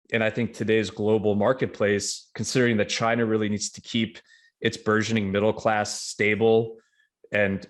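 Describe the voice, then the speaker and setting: A middle-aged man from New York, a guest in an interview, talking in a measured, confident way with many fillers and restarts. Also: lowish voice. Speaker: real estate investment guest. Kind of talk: casual interview talk.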